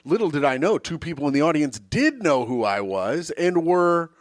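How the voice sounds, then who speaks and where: Man, comedy podcast co-host, playful rambling banter, lively swooping pitch, dry close sound. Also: normal speed, no echo. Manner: joking, playful, rambling storyteller. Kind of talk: casual comedy podcast chat.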